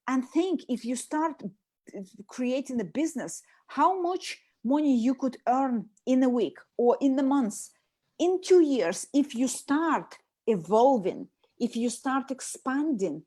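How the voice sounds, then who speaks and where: A woman with a Russian accent, a transformation coach talking fast and emphatically in a casual video chat. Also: high voice, sing-song, warm tone.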